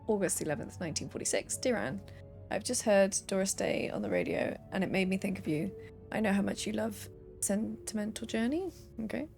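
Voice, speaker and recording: A woman's voice: mid-range voice, lively intonation, a little fast, vocal fry, a little mellow, soft background music. A young woman streaming a game, reading letters and notes aloud with playful asides.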